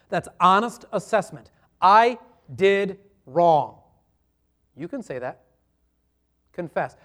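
Male pastor, high voice, earnest conversational sermon delivery, rhetorical questions.

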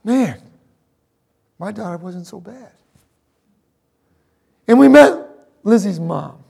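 A middle-aged man preaching a sermon, telling a personal story with emotion, moving between loud emphasis and hushed asides. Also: sits high, expressive, takes it slowly, gravelly, breathy edge. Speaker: pastor.

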